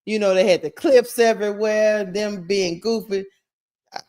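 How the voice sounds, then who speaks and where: A woman co-hosting a casual talk show, easygoing and hesitant, pleading with drawn-out fillers. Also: medium pitch, steady tone, darkish tone. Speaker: co-host.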